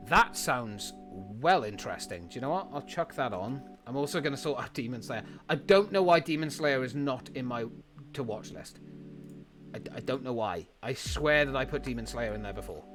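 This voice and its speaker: A man with a mid-range voice talks in a loose, rambling streamer style. He gets excited easily, curses casually and thinks out loud. Quiet music plays underneath him. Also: mid-range voice, normal speed. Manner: chatty and enthusiastic, swears freely, thinks aloud. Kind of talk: casual chat reviewing an anime list.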